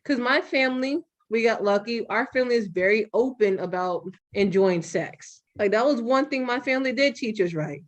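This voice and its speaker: Frank, fairly high-voiced woman podcast host. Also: moderate pace, few pauses. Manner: frank and profane, animated storytelling. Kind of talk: candid podcast conversation.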